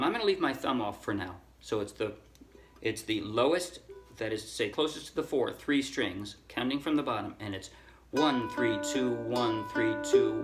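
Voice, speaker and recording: A man teaching a ukulele song in a relaxed, casual way, counting strings aloud and correcting himself as he goes. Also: medium pitch. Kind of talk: casual tutorial talk. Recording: ukulele playing under the voice.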